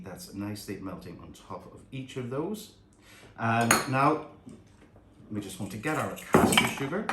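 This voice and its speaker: Man, cooking demo host, chatty, fairly low voice, roomy echoey kitchen. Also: very noisy. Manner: chatty, admiring the food as he goes. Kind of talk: home cooking demonstration. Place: home kitchen. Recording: echoey room with faint kitchen clatter.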